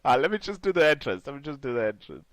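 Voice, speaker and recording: A man's voice: medium pitch, very animated, fast talker, fairly bright tone, no echo, low-quality recording. Giggly swearing young guy. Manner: laughs a lot, swears, rambling. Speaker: podcast co-host. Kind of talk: casual chat.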